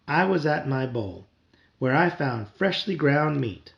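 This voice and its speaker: A man reading a children's novel aloud to his child at home, with wry, expressive storytelling. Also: fairly high pitch, a little slow, creaky, dull audio.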